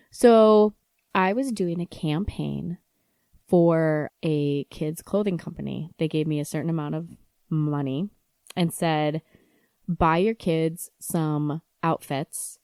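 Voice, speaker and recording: A woman in her thirties telling a story about her kids in a casual, animated way, laughing and acting out her own side of conversations. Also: low voice, no room sound, studio quality. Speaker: podcast host and mom blogger.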